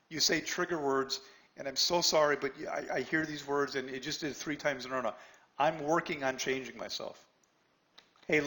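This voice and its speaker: Guy running a trading class online, kinda high voice, blunt, says "right?" a lot, stammers on restarts. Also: fairly bright tone. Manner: talks straight to students by name, pushy and challenging. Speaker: trading instructor. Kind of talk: live webinar lesson.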